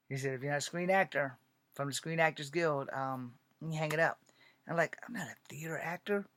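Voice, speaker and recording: With a mid-range voice and no room sound, an aspiring filmmaker from Virginia delivers a long personal story as a casual monologue. He swears often and is animated, performing the quoted dialogue of others.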